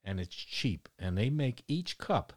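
A man's voice: mid-range voice, sing-song, a little slow, darkish tone. Blunt, rambling Baltimore man in his sixties. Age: 60s. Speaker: vlogger. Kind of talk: casual monologue to camera.

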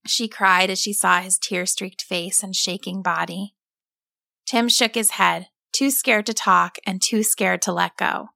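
Bright, gravelly woman storyteller. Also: on the low side, normal speed, no echo, studio quality. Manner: calm, expressive read-aloud. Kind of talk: scripted storybook narration.

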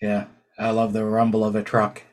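A man in his fifties hosting a podcast, chatting casually in a laid-back, halting way. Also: on the low side, monotone. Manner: laid-back, halting, short agreeing replies. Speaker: podcast host, truck driver.

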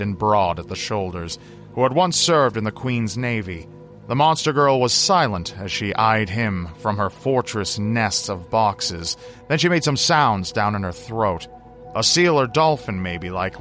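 A man narrating a horror story with dramatic, drawn-out phrasing. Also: fairly low pitch, fairly bright tone. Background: faint music.

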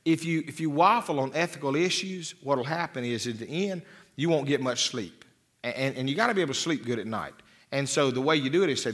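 A man with a mid-range, slightly bright voice preaches a sermon as a pastor in a church. His delivery is folksy and rambling, full of restarts and repeated words.

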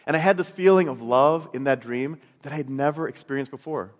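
A man's voice: medium pitch, brisk. Earnest middle-aged man in a reverberant hall. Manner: earnest storytelling, repeats words. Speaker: Christian speaker. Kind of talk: personal testimony and teaching.

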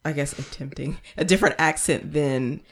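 Gravelly, higher-voiced man chatting about films. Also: moderate pace. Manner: chatty, uses quoted reactions. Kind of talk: casual movie discussion.

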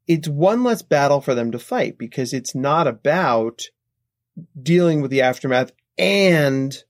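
A man's voice: on the high side, no echo, studio quality. A man, a psychologist guest on a podcast, explaining his points and tagging them with "right?". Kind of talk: podcast interview answers. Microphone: podcast microphone.

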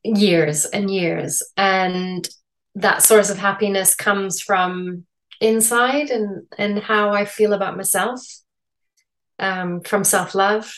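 A middle-aged woman with a Canadian accent, a podcast guest telling her story in a reflective, measured way over a remote call. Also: mid-range voice, steady tone. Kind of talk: interview storytelling.

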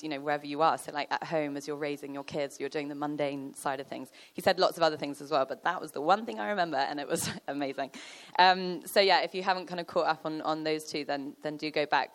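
A woman giving a chatty, conversational sermon, full of fillers and storytelling. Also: deep voice. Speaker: church speaker.

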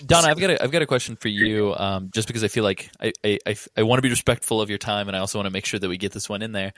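A man co-hosting a podcast, polite and expressive as he puts a question to a guest. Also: lowish voice, rapid-fire. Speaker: podcast co-host. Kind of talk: casual interview chat.

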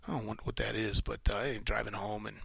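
Middle-aged male solo podcast host; gravelly, bright edge, halting and rambling delivery. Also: on the low side, little pitch movement, no room sound, poor audio. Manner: rambling, halting, many restarts, swears casually. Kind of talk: solo reflective monologue.

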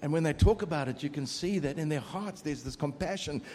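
A middle-aged man preaching a sermon with a mellow, rather high voice. He keeps it conversational and teases the congregation now and then. His voice rings out through a large, reverberant hall. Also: a little fast, a little hiss or hum.

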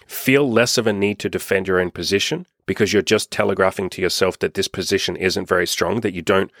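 Blunt Australian man, low dry voice. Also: fairly quick, vocal fry, a bit bright, no room sound. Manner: blunt, profane, repetitive emphasis. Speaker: self-help coach. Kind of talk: casual monologue.

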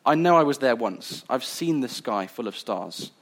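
A man's voice: medium pitch, animated, moderate pace. A man reading aloud as a stubborn male marsh creature who defiantly insists on what he knows.

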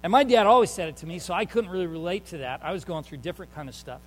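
A man's voice: high-pitched, expressive, racing, in a large hall, low-quality recording. A male pastor preaching a sermon in an earnest, conversational storytelling way, with fillers and emphatic turns.

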